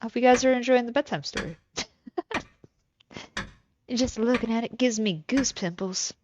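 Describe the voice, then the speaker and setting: A woman streamer playing a game, reading its text aloud slowly and adding dry, wry asides. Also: fairly high pitch, lo-fi sound, noisy background.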